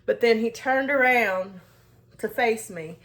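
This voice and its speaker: A woman's voice: fairly high pitch, slow pace, a bit bright. A woman vlogger telling a casual story to her viewers, rambling along with many restarts and fillers as she talks to the camera. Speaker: skincare and self-care vlogger.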